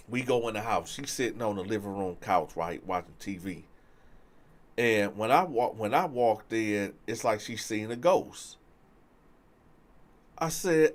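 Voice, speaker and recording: Animated man telling a street story. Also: fairly low pitch, a little slow, long pauses. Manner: animated, acts out other people's voices in quotes. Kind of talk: casual storytelling.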